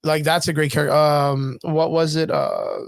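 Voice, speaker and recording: Male podcast co-host, slightly high, dry close sound, loose profane rambling rant. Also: wildly swooping pitch, measured pace, vocal fry, dry recording. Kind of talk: casual chat.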